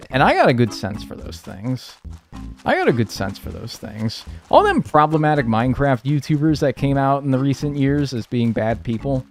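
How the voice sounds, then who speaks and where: Streaming a video game, a man chats loosely and swears freely as he wanders from story to story, acting out characters in different voices. His voice sits at a medium pitch and moves at a moderate speed, and faint music plays behind him.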